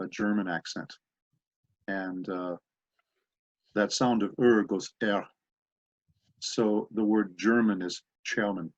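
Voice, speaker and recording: In a dull, dry, lo-fi interview recording with no room sound, a male voice actor guest tells rambling anecdotes packed with asides. His voice sits on the lower side.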